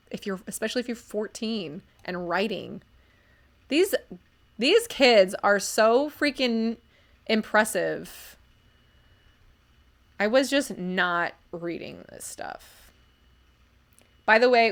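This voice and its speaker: An American woman in her thirties talks casually on a live stream, reviewing stories and replying to chat. She is chatty and fills her speech with ums. Her voice sits at an ordinary pitch for a woman. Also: fairly bright tone. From United States.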